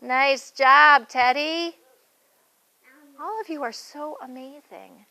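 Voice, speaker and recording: A woman's voice: sits high, slow pace, pushed and bright, low-quality recording. A young adult woman guiding a children's yoga class with playful, sing-song encouragement.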